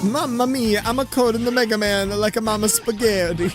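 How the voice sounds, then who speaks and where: A goofy, over-the-top Italian-accented fellow, as a man puts him on, pitched well above his usual voice in sing-song bursts. Loud game music plays underneath. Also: fairly even intonation, a little fast, natural voice.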